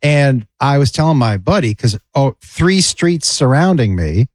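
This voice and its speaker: Animated storyteller man, lively pitch. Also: unhurried, no room sound. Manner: animated, acts out other people's lines in a higher voice. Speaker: podcast co-host. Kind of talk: casual chat, storytelling.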